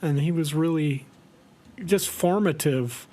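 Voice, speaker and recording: A man from Colorado co-hosting a comedy podcast, telling dry, deadpan jokes. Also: fairly high pitch, slow. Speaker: podcast co-host. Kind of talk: casual comedic chat.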